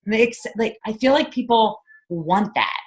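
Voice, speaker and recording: A woman's voice: fairly high pitch, moderate pace. Upbeat woman coaching her team. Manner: energetic, enthusiastic, fires off rhetorical questions. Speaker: sales team leader. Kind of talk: motivational coaching on a team call. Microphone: conference call.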